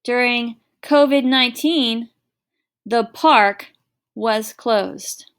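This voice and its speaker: A woman's voice: on the high side, very slow, a bit bright, clean tone. A middle-aged woman teacher giving a recorded online lesson, explaining patiently with everyday examples.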